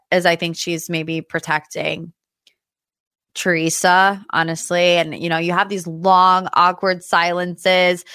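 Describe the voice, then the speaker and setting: Female podcast host, mid-range voice, chatty and lively, dry booth sound. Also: mid-range voice, no room sound. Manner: chatty, animated, does impressions of cast members. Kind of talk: casual recap monologue.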